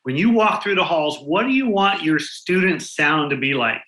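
Male guest, forceful bright voice, high-ish, echoey room, lively anecdotal storyteller. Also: moderate pace. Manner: animated, acts out quoted people in his anecdotes. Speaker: guest speaker on school culture. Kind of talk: storytelling interview answers.

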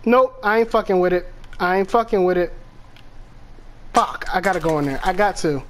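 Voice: medium pitch, expressive, normal speed. A gaming channel host giving let's-play commentary on a horror game, jumpy and easily spooked, swearing often and talking to viewers.

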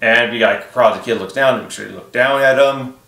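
A man's voice: mid-range voice, brisk, vocal fry, fairly bright tone. A man talking casually about puppetry as a guest, rambling with many fillers. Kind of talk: casual interview chat. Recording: echoey room.

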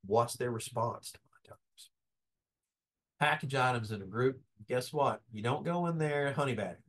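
A man giving a casual, calm webinar lecture over a video call. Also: mid-range voice, moderate pace. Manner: folksy, conversational, calm tone. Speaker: business law presenter. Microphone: video call webcam.

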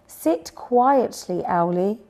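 A woman voicing a small, fussy male owlet who insists everyone sit quietly before he reads, in a children's storybook. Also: medium pitch, measured pace, close to an everyday voice. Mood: coaxing. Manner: insistent, complaining.

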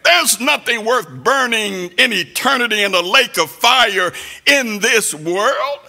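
A man preaching a sermon in a sing-song cadence that rises to shouts. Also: sits high, expressive, slow, gravelly, faint music behind.

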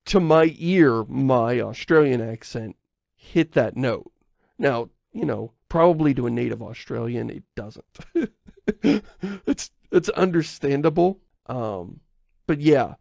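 Podcast co-host, male, gravelly mid-pitch, rambling, casual, dry sound. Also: a little mellow, no room sound. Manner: rambling, self-correcting, chuckles often.

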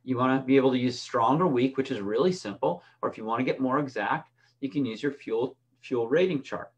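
A middle-aged man coaching swimmers in an informal lesson. He talks conversationally in a voice of middling pitch, weaving in stories, stumbling into restarts and tagging points with "right?". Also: brisk, lo-fi sound. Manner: conversational, restarts often and keeps asking "right?". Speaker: swim coach. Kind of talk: instructional talk with personal stories.

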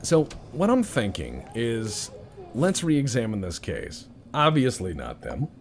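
Young male gamer, joking commentary, swooping pitch, noisy recording. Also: huge pitch swings, slow, vocal fry. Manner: joking, mutters to himself. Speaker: let's-play gamer. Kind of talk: casual game commentary.

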